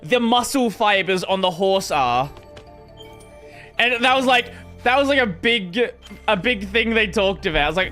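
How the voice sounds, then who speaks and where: Guy streaming a game, high bright voice, rambly and sweary, faint game music behind. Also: a little slow. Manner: rambling, swears casually, animated. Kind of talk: casual gameplay livestream chat.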